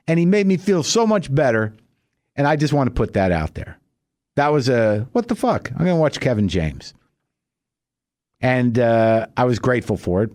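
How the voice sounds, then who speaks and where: A middle-aged man delivering a stand-up monologue, telling a wry story and leaping high and loud for his punchlines. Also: no echo, clean studio sound. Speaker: stand-up comedian.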